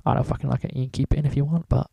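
A man's voice: mid-range voice, steady tone, very fast, creaky, warm tone, slightly rough, no room sound. A man talking casually through a drawing tutorial, rambling and swearing in almost every sentence. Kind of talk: casual screen-recorded tutorial.

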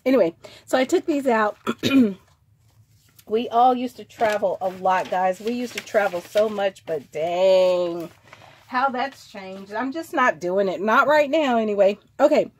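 A middle-aged woman in casual show-and-tell chat, rambling warmly and drifting into tangents. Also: medium pitch, a little slow. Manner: chatty, rambling, trails off into tangents. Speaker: vlogger selling vintage craft supplies.

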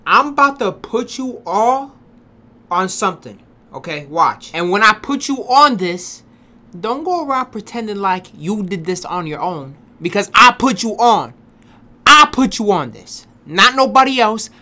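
A woman hosting a gameplay video, loud and excitable, laughing and cursing as she plays. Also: medium pitch, a little slow. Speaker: gaming video host. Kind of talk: gameplay commentary. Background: game music.

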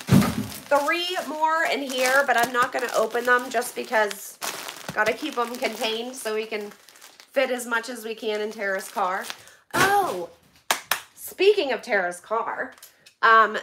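Woman, middle-aged, from the United States, live-stream vlogger, excitable and gushing, slow unhurried delivery, faint background noise. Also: fairly high pitch. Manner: gushing, excitable, chatty with viewers. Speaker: vlogger opening donations.

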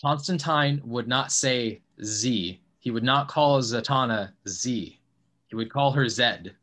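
A man hosting a podcast in casual chat, loud and argumentative, swearing freely and mocking himself. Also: mid-range voice, slow. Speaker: podcast host.

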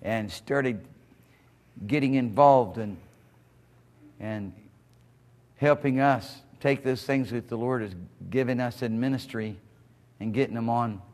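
A male pastor delivers an animated sermon, breaking into praise again and again. His voice sits at a middle pitch and rings through a church hall with a long reverb. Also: takes it slowly, pauses often. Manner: animated, exclaims "Hallelujah" often.

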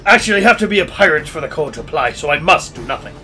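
A man's voice: fairly high pitch, expressive, very fast, sharp tone. A young man making wry, sarcastic jokes as he co-hosts a let's play in casual gaming commentary. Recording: game music playing underneath.

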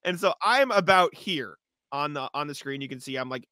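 A man's voice: a little high, expressive, moderate pace, bright, forceful tone, no echo. A man co-hosting a casual sports podcast, telling stories animatedly and acting out his own reactions with laughter. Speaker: podcast co-host. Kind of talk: casual chat.

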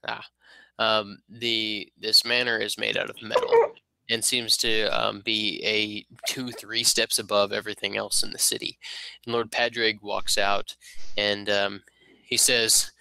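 A male game master narrating a tabletop game in a casual, halting way with many fillers. His voice is mid-pitched and bright, recorded close and dry. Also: little pitch movement, vocal fry, smooth, no echo, low-quality recording.

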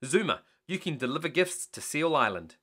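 Confident boy leader giving orders, bright and lively, read by a man. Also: a little high, normal speed, full character voice. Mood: commanding.

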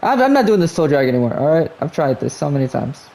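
A man's voice: fairly high pitch, big pitch swings, fast talker, creaky, mellow, a little hiss or hum. A man chatting casually and swearing freely as he plays and reacts to a hockey video game. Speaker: gaming streamer. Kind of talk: casual gameplay commentary.

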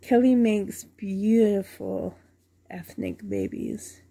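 A woman's voice: mid-range voice, wildly swooping pitch, slow pace, gravelly, warm tone, breathy edge. A woman at home unboxing a doll for her vlog, gushing with delight and often dropping to a whisper. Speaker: reborn doll collector unboxing a doll.

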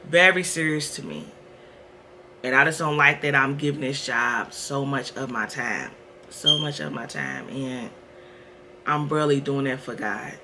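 This vlogger, a woman in her thirties, talks candidly and chattily to her viewers in a casual home vlog, calling them "y'all." Her voice rumbles low and comes a little slow, with background noise present.

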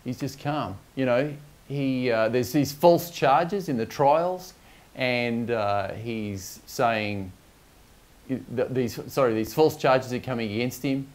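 A man's voice: medium pitch, slow. A man preaching a sermon, speaking reflectively with frequent fillers and restarts.

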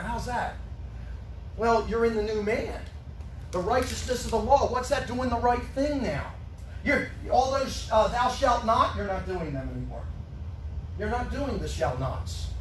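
A male pastor preaching a sermon, emphatic and questioning his congregation, at times rising to a shout. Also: very high-pitched, a little hiss or hum. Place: church sanctuary. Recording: echoey room, far from the mic.

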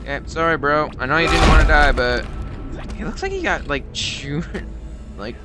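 A man's voice: fairly high pitch, moderate pace. A man giving casual, jokey commentary while playing a horror game and talking to it. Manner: excitable, jokey, talks to the game. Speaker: let's play gamer. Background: game music.

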